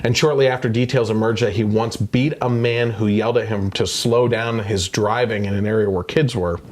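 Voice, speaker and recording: A man with a lowish voice hosts a casual podcast. He reads news excerpts aloud and then comments on them with open indignation. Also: steady tone, moderate pace. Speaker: podcast host.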